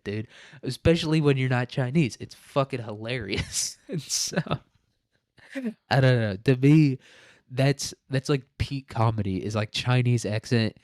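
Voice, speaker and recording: A man's voice: medium pitch, a little slow, darkish tone, dry recording. Profane rambling male podcast host, dry sound. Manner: rambling, profane, laughs often. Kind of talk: casual solo podcast monologue.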